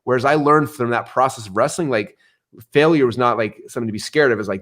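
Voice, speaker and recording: Fast-talking animated male storyteller. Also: mid-range voice. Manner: energetic, animated storyteller who acts out quoted voices. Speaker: guest. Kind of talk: storytelling interview answer.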